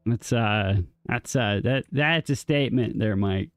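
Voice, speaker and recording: A man's voice: medium pitch, animated, drawn-out words, pauses often, no room sound, studio quality. A man streaming a game live, chatting casually and joking with repeated words and chuckles. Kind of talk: casual chat while gaming.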